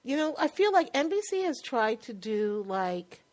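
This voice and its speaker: A woman with a New York accent co-hosting a casual chat about TV shows, chatty and quick to laugh. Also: on the high side, sing-song, darkish tone. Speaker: podcast co-host.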